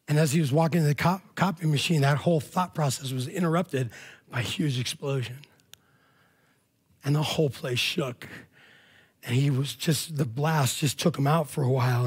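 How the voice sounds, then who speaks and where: A man's voice: a little high, a little mellow, breathy edge. A man preaching a sermon in a casual, emphatic way, often checking in with "all right?". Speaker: pastor.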